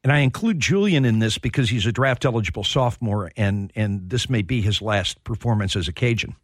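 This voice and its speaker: A man's voice: lowish voice, a little fast, no room sound, studio quality. Man host telling heartfelt stories. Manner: heartfelt storytelling. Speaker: sports radio show host. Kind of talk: sports talk radio.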